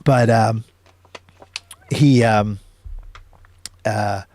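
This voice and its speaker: A man's voice: lowish voice, fairly even intonation, drawn-out words, darkish tone, dry recording. A man hosting his own show, casually recapping a film scene by scene, with many ums and uhs. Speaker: show host.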